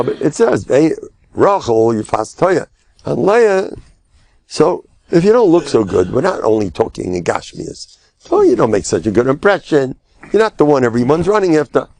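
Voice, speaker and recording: An older man, a rabbi giving a humorous Torah lecture, joking and self-deprecating, now and then bursting into loud, emphatic cries. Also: mid-range voice, no room sound.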